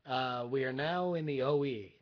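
A man's voice: medium pitch, normal speed. A young man co-hosting a casual fan podcast, joking and teasing. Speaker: podcast co-host. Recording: dull lo-fi livestream audio.

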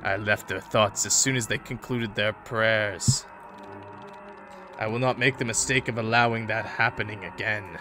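A man's voice: fairly low pitch, steady tone, normal speed, music in the background, voice pushed down, lightly acted. A man reading out a game's demanding male cult god in a grave, commanding tone. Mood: solemn.

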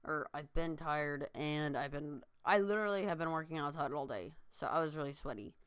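A man's voice: on the high side, fairly quick, a bit bright, clear, resonant tone, dry recording, studio quality. A tired young man vlogging from his room, rambling with lots of fillers and restarts. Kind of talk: casual chat to camera. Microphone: new desk mic.

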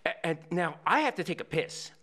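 A man, a guest on a podcast, telling a story in a lively way, swearing freely and acting out the people in it. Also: sits high, fairly quick. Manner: profane, acts out the people in his stories. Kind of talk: animated storytelling.

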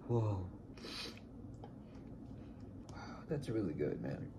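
Male vlogger, low gravelly voice, gushing and excitable, faint background hiss. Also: moderate pace. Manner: heartfelt, sincere sign-off. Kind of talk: casual food vlog.

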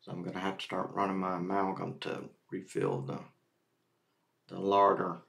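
A man streaming a game, slowly talking himself through his moves in a casual way. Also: deep voice, completely flat delivery, vocal fry, a bit bright. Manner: slow, muttering to himself. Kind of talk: casual gameplay commentary.

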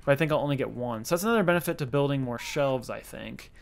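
A man's voice: medium pitch, quick pace, gravelly, slight background noise. A man giving casual let's-play commentary, chatty and self-mocking, talking to the game's characters. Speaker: gaming YouTuber.

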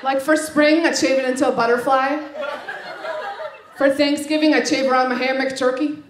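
A stand-up comedian from a Lebanese family works an echoey club full of crowd noise, speaking into a handheld mic. Her high-pitched voice keeps a fairly even intonation as she delivers brash, profane jokes, checking with the audience after each one with a quick "right?"

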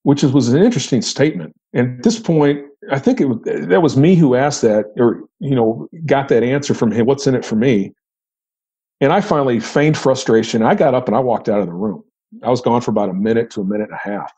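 Husky, mellow middle-aged man recounting a case. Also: mid-range voice, animated, a little fast. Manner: storytelling with frequent restarts and repeated words. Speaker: retired FBI agent, podcast guest.

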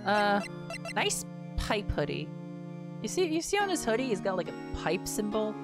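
A woman's voice: medium pitch, very animated, fast talker, over music. A woman streaming a video game, reading its dialogue aloud and commenting irreverently, swearing freely.

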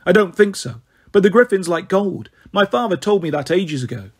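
A clear-headed young sorceress, blunt and matter-of-fact, as a man reads her aloud. The voice is high and husky. It sounds like a storybook character. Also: lively intonation, normal speed, heavily acted. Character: sharp, practical young sorceress. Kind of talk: audiobook character voice.

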